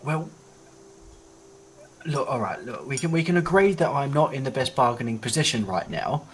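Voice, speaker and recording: A man's voice: medium pitch, animated, moderate pace, slight background noise, close to an everyday voice. A man voicing a shifty, crude male goblin who talks in cockney-style slang and bargains for his freedom. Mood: wheedling. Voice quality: cockney-style slang, bloke-ish mumble.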